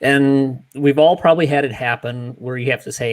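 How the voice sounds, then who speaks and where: A man's voice: medium pitch, steady tone, moderate pace, few pauses. Male podcast co-host, mid-range voice, frank and practical, conversational. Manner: frank, practical, advice-giving. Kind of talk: casual chat.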